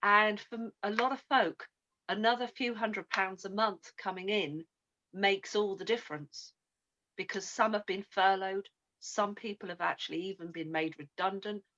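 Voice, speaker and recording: A woman giving a coaching talk, who acts out both sides of conversations in an animated way. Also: medium pitch, moderate pace. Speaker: sales coach. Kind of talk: coaching talk with a retold phone call. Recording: muffled lo-fi recording.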